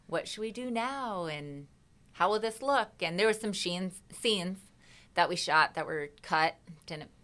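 A woman's voice: fairly low pitch, animated, measured pace, fairly bright tone. A woman, a singer, chatting as a guest in an interview and acting out her own reactions as she tells a story. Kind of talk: casual interview chat.

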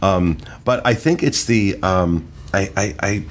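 Podcast host, male, very low pitch, loose and eager, lots of fillers. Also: slow, a little hiss or hum. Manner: rambling, enthusiastic, many fillers. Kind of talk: casual podcast discussion.

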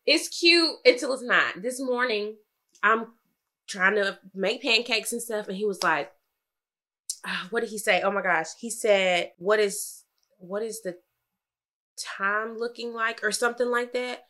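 Bright-voiced woman telling an animated story. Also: normal speed. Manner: animated storytelling, quoting her husband, rising to high exclaims. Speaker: podcast co-host. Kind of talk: casual chat.

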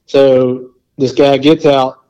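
Male podcast guest, mid-pitched, casual storyteller who rambles with lots of fillers, slightly muffled audio. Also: slow pace, smooth. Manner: rambling and animated, full of "like" and quoted asides.

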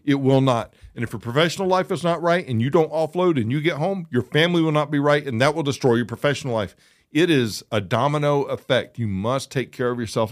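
A man co-hosting a casual talk show, speaking emphatically and repeating phrases to drive points home. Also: mid-range voice. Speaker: podcast co-host. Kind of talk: casual chat.

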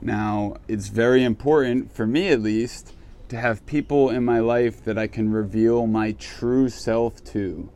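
A man's voice: medium pitch, steady tone, a little slow, dark tone. A man giving a casual, reflective self-help monologue, candid and swearing freely. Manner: candid, swears casually, acts out his own reactions.

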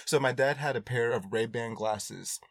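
A man's voice: medium pitch, normal speed, vocal fry, no room sound, clean studio sound. A young man co-hosting a podcast, chatting casually and acting out stories from his family. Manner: animated storyteller, acts out quotes. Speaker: podcast co-host. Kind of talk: casual chat.

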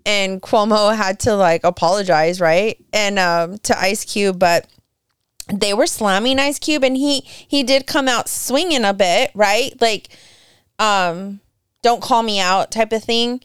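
A woman co-hosting a podcast, talking slowly and pausing to search for her words as she rambles on. Her voice is very clear, recorded dry and close to the mic. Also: medium pitch, no room sound. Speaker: podcast co-host. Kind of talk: casual political chat.

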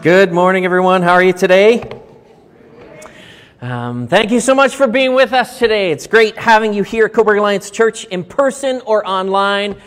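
A man's voice: high-pitched, lively intonation, normal speed, fairly bright tone, soft background music. A man preaching as a pastor, telling stories in a chatty, upbeat way. He addresses his church congregation directly. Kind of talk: sermon. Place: church sanctuary. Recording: long reverb of a church hall.

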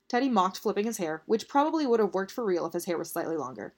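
A woman's voice: medium pitch, animated, quick pace. A woman reading a story aloud in a casual, unpolished way. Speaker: narrator.

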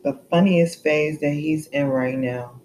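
A woman's voice: low voice, measured pace, darkish tone, slight background noise, poor audio. A woman co-hosting a casual podcast, telling playful, laughing stories about her childhood and her kids. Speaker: podcast co-host. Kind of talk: casual chat.

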